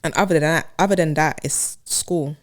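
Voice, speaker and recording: A woman co-hosting a podcast in a relaxed, conversational way. Her voice is low, she laughs easily, and she often chimes in with short agreeing replies. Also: moderate pace. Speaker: podcast co-host. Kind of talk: casual chat.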